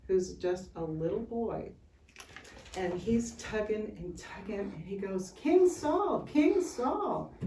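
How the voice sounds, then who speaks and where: A woman tells a Bible story to children in a slow, chatty way, breaking off for asides. She is recorded by a camera some distance away in a church room. The sound is roomy, with a faint hiss. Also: medium pitch, darkish tone. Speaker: Sunday school storyteller.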